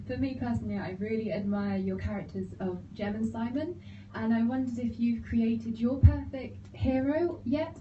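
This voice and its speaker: A woman's voice: on the high side, dark tone, slight background noise. A woman in the audience at a bookshop event, politely asking the author a question. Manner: polite, slightly hesitant. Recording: dull lo-fi phone recording.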